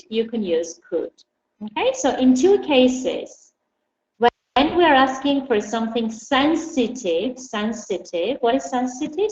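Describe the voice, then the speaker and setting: A woman teaching a class online, explaining slowly and patiently and putting questions to her students. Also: fairly high pitch, darkish tone. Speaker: English teacher. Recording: dull echoey room with faint hum.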